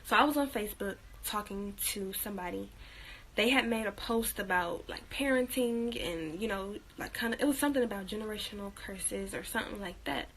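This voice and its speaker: A woman's voice: mid-range voice, fairly quick, a bit bright, slight background noise, rough recording. A young woman vlogging at home in a casual chat, with lots of fillers and frequent laughs, talking while she works on a craft. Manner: chatty, laughs often, many fillers.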